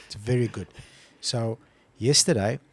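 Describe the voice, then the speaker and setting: A man's voice: medium pitch, unhurried, breathy edge. A man co-hosting a casual podcast who tells stories with animation and acts out his phone calls. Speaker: podcast co-host. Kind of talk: casual chat.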